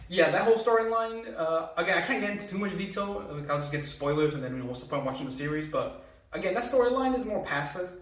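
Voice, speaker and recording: A young man with a fairly high voice talks through a TV season in a loose, rambling way, peppered with swearing and little laughs. He sits a bit back from the mic in a roomy, echoing space. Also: a bit bright, recorded from a distance. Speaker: TV reviewer. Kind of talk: casual spoken review.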